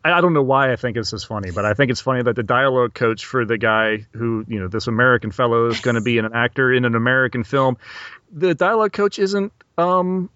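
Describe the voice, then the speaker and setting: A man's voice: medium pitch, fast talker, bright, forceful tone, no room sound, muffled recording. A man hosting a podcast, casually recounting film scenes with chuckles. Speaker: podcast host.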